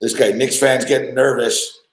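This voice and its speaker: A man hosting a sports podcast, ranting casually with swearing and laughter, and getting excited as he recounts plays. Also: mid-range voice, moderate pace, echoey room, poor audio. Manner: profane, laughing, gets excited over plays. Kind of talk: casual sports talk rant.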